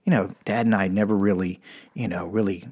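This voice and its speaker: A man from Texas doing stand-up storytelling, animated and chuckling, who jumps into high mocking voices. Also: fairly quick, slightly rough. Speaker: stand-up comedian.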